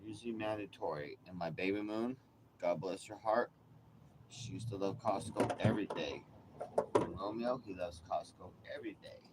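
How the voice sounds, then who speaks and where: A man with a fairly low voice talks casually as he cooks in an RV, rambling and cracking offhand jokes. A steady noise hums clearly behind him throughout. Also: normal speed. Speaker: vlogger. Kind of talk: casual cooking vlog chat. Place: RV kitchen. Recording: noisy background hum.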